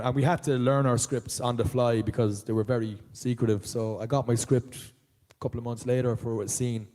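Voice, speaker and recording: An Irish man, a voice actor answering fan questions at a live convention panel, telling stories in an animated way. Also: medium pitch. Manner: animated storyteller, jumps into voices of others. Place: large auditorium, live.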